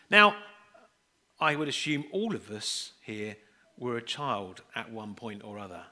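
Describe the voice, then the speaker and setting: A man's voice: mid-range voice, lively intonation, unhurried, bright, forceful tone. A middle-aged man preaching a sermon, telling chatty, self-deprecating family stories and acting out the voices in them.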